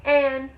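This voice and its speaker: A young woman vlogger telling a story in a rambling, excited way, with lots of fillers. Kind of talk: casual storytelling vlog. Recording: tinny phone-like sound.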